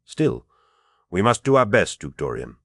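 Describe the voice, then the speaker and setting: A man reading an audiobook voices a weary warrior companion who speaks in a steady, resolute way, a little above his narrating voice. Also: low-pitched, unhurried, vocal fry, no echo, studio quality, exaggerated voice. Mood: tired, steady.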